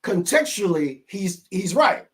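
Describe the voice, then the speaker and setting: A man's voice: sits high, very animated, a little slow, fairly bright tone. A man co-hosting a podcast, asking questions and reasoning through points. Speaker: podcast co-host. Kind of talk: casual group chat. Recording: noisy background.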